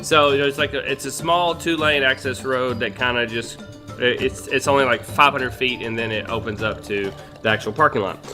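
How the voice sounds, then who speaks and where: A young man hosting a gaming session, telling a profane, animated story over voice chat. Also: mid-range voice, normal speed. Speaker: gaming channel host. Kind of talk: casual voice chat while gaming. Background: background music.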